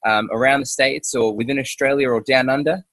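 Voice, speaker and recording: A man's voice: medium pitch, fairly even intonation, brisk, a bit bright, a little hiss or hum. A man hosting a casual interview outdoors, talking hesitantly with many fillers and restarts. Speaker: podcast host.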